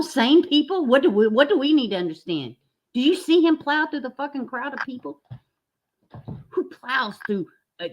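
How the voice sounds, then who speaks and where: Foul-mouthed woman ranting with animated swings. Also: on the high side, muffled recording. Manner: blunt, swearing, indignant, lively. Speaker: commentary channel host. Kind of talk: profane reaction commentary.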